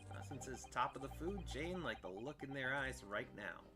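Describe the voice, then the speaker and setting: A man voicing an eccentric gentleman detective with theatrical, old-fashioned phrasing. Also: medium pitch, lively intonation, normal speed, over music, natural voice. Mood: pompous.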